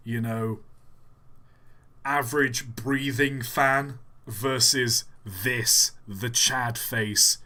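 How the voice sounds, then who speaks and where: A man's voice: medium pitch, pushed and bright. A man streaming a game live, rambling and getting sidetracked as he reacts. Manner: rambling, easily sidetracked, laughs often. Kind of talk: casual live stream commentary.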